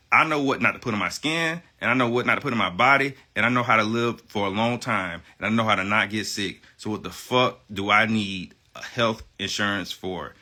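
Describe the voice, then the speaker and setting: A livestream guest launches into a heated rant, defiant, self-assured, and profane, hammering his points by repeating phrases. His medium-pitched voice sounds pushed and bright.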